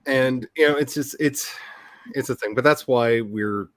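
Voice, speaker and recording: A man's voice: mid-range voice, unhurried, no room sound. Casual host: man, chatty, restarts a lot, dry close recording. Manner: chatty, hesitant restarts, animated storytelling. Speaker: author and channel host. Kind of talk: casual chat.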